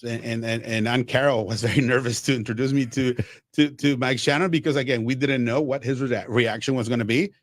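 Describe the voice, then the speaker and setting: A man from Mexico, a baseball broadcaster telling stories as a radio guest, animated and acting out quotes. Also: mid-range voice, fairly quick. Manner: animated, acts out quotes, frequent restarts. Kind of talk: radio interview storytelling.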